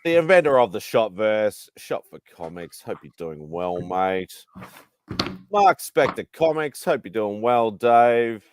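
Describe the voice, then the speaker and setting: A man's voice: on the low side, sing-song, measured pace, smooth. A man with an Australian accent hosting a casual hangout show, laid-back and greeting viewers by name. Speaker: host.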